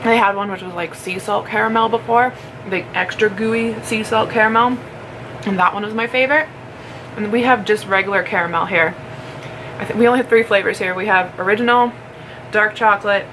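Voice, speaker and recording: A woman chatting casually in a home vlog, rambling and giggling while she snacks. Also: mid-range voice. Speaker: vlogger. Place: home, indoors. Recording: clear background noise.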